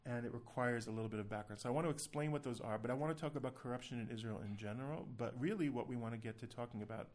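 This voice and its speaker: A man's voice: mid-range voice, racing, hardly any pauses, a little mellow. A man hosting a casual podcast, talking in a chatty, self-deprecating way with loose restarts. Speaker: podcast host.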